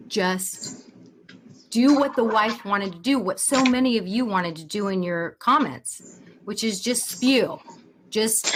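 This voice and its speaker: A woman coaching parents in a live webinar, chatty and animated, talking straight to her audience. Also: mid-range voice, noisy background.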